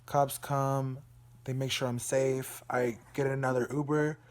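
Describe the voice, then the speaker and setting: A young man from Dallas, Texas, records an emotional video diary in his room. He vents in an agitated, profane way, and at times his voice sinks to a low, weary murmur. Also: level tone, unhurried. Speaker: vlogger.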